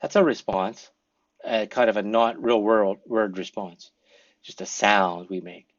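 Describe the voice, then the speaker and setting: Lively man teaching an English class. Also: fairly low pitch, measured pace, muffled recording. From English-speaking foreigner living in Korea. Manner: lively, acts out example responses. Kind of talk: classroom lecture.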